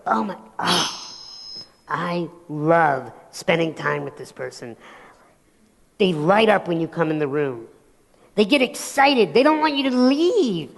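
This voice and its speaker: A male motivational speaker giving an animated keynote, telling stories and acting out voices in a large hall. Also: very high-pitched, vocal fry. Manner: animated storytelling, acts out voices. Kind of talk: keynote talk on stage. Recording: long hall reverb.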